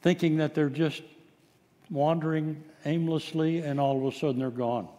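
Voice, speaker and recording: A man's voice: a little high, fairly even intonation, moderate pace, dark tone. Guy preaching a sermon, easygoing storyteller, lots of uhs, big church reverb. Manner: folksy storytelling, frequent "uh" fillers. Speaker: pastor.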